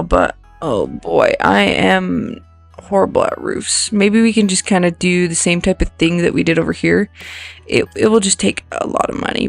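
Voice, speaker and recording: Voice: mid-range voice, creaky. A video creator giving casual, rambling commentary while building in a life-sim game, thinking aloud and poking fun at their own mistakes.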